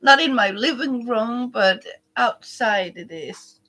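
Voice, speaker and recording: Woman host, casual craft livestream from home, high and bright voice, unhurried rambling chat. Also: animated. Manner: chatty, rambling, with many restarts and soft whispered asides. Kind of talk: casual live chat with viewers. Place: indoors at home, living room.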